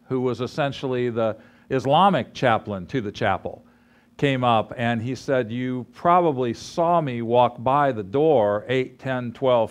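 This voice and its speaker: Guy preaching, storytelling style, doing little voices for people in the story. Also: medium pitch. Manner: animated storyteller, acts out dialogue. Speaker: ministry leader teaching a course. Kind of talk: sermon with storytelling.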